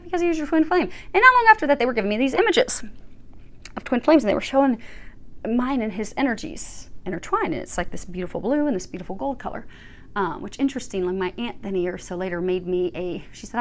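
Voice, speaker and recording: A woman's voice: a little high, expressive, quick pace, a bit bright. Chatty woman giving a tarot reading. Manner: chatty, earnest, swears casually, laughs often. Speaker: tarot reader. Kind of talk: casual spiritual card reading.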